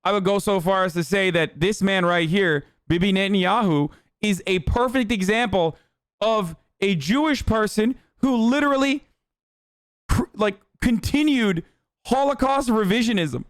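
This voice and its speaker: A man with a high-pitched, smooth voice at a moderate pace hosts a livestream of ranting political commentary. He's heated and sarcastic and swears a lot, and the studio-quality audio has no echo.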